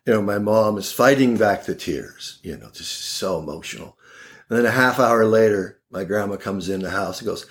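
His voice sits on the low side and moves a little quickly. As a sixty-ish oral surgeon on a podcast, he tells comic stories about his family in relaxed interview chat, voicing the characters with an animated, wry laugh.

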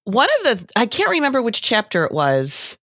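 Relaxed middle-aged woman telling a story. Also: fairly high pitch, fairly quick, no echo. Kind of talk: casual chat about parenting.

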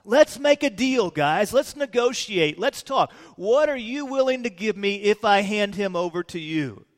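A preacher acting out a greedy, pushy Judas. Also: male voice, high voice, big pitch swings, in a large hall, voice pushed up. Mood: scheming. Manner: raised, slowed, pushy delivery. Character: greedy, indignant man scheming for money.

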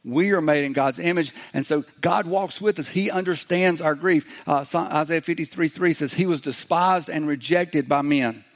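A middle-aged man preaching a sermon in a conversational way, slipping into quick acted-out voices as he goes. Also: on the high side. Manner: conversational preaching, acts out little quoted voices. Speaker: pastor.

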